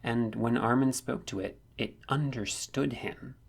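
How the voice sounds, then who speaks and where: A man's voice: medium pitch, measured pace, gravelly, breathy edge. A man voicing a curt young woman soldier. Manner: terse, blunt.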